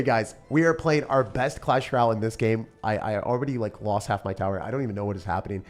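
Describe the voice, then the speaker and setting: A man chatting excitedly while live-streaming a mobile game, often laughing and talking to his viewers. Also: mid-range voice, normal speed, soft background music. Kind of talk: live-stream gameplay chat.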